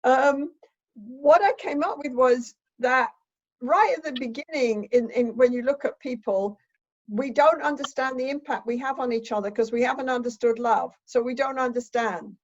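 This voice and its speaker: A woman's voice: sits high, moderate pace, lo-fi sound. An older woman, a relationship expert, explaining ideas thoughtfully in conversation with examples.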